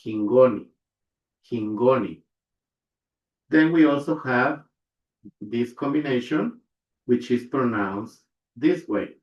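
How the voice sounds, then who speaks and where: A man's voice: mid-range voice, lively intonation, slow pace. A man teaching a language pronunciation lesson, repeating each example word and checking in with his listeners. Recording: echoey room, dull lo-fi sound.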